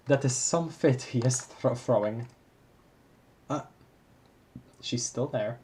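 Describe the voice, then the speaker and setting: Brief: young adult live-read streamer, laughs a lot, trips over words and corrects fast, chatty and excited. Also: medium pitch. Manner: animated, laughing often, quick self-corrections. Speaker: livestream host reading a webcomic aloud. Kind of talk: casual live-read commentary.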